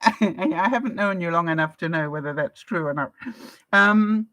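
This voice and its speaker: Here the same English vlogger, an older woman from England, talks at a moderate pace in a fairly low but fairly bright voice. She reads out viewer comments during a casual live-stream chat, laughing frequently, with no room sound.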